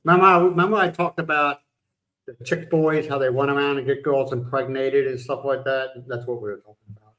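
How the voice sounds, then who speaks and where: An older U.S.-born livestream host rambles bluntly at his home in the Philippines, now and then swearing. His mid-range voice is steady and fairly bright, he talks a little fast, and the recording is rough.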